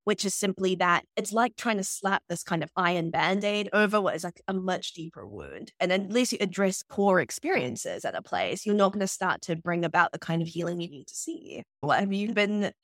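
A woman, co-hosting a casual podcast discussion, thoughtful and animated, often adding "like" and "right?". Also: on the low side, moderate pace, few pauses, dry recording, studio quality. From New Zealand. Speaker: podcast co-host.

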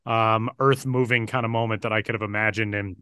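Man, sports broadcaster, animated podcast storytelling, bright tense voice, dry close mic. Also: fairly low pitch, brisk, clear, resonant tone, no room sound. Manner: energetic, animated retelling with fillers. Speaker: baseball broadcaster and podcast regular.

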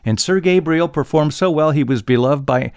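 A man's voice: a little high, normal speed, darkish tone, smooth, no echo, clean studio sound. A man hosting a casual trivia podcast, telling stories with frequent chuckles. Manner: storytelling, chuckles often. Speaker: podcast host.

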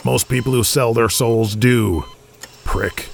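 A man's voice: mid-range voice, fairly even intonation, slow pace, gravelly, far from the mic. A man voicing a hostile, resentful young male wrestler who insults and swears.

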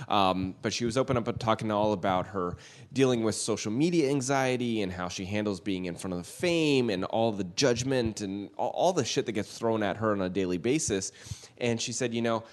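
A man's voice: on the low side, a little fast. A man co-hosting a podcast, chatting casually about celebrity news, swearing now and then. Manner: chatty, swears casually, reads statements aloud. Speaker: podcast co-host.

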